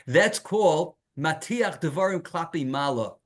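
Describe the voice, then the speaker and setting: A male rabbi giving a Torah lecture, animated and emphatic, asking rhetorical questions and sprinkling in Hebrew terms. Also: a little high, measured pace.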